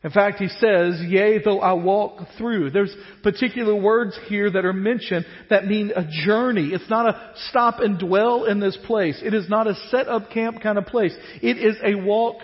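A man preaching a sermon as pastor, animated and dropping to a hush at the ends of phrases. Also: sits high. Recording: dull reverberant church hall.

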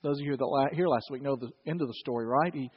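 A man's voice: mid-range voice, fast, breathy edge. A man preaching a sermon to his congregation, conversational and joking with the listeners. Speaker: pastor. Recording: dull, reverberant hall recording.

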